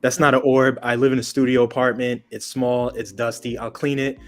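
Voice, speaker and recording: A man's voice: mid-range voice, little pitch movement, fairly quick. A man who is a guest on a podcast panel, explaining things in a plain, matter-of-fact way. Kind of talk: casual panel chat.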